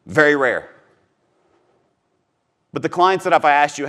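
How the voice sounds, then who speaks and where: A man's voice: on the high side, animated, a little slow, sharp tone. A middle-aged man from Missouri giving a punchy, emphatic motivational talk on sales, repeating his key phrases. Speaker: podcast host teaching sales.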